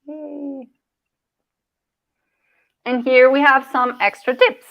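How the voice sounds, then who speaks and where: Brief: woman coach, bright higher voice, encouraging, muffled call audio. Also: fairly even intonation, unhurried, no room sound. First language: Spanish. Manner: encouraging, asks "right?" often, with restarts. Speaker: communication coach. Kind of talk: online workshop presentation.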